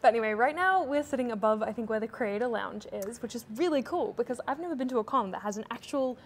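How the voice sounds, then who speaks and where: An upbeat young Australian woman co-hosting a casual podcast. She is chatty and quick to agree, with a voice pitched a little high. Faint background noise sits under her voice. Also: lively intonation. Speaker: podcast co-host and cosplayer. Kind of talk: casual chat. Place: lounge at a busy convention.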